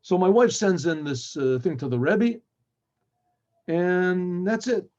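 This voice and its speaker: A man, a rabbi, tells a story in lively style and acts out the dialogue between the characters in it. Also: high voice, takes it slowly. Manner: acts out quoted speech in lively back-and-forth. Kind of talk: animated storytelling retelling dialogue. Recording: dull lo-fi recording.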